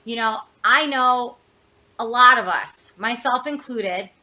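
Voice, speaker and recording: A woman communication coach giving an expressive, chatty motivational talk, full of "you know" and "like". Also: fairly high pitch, slow.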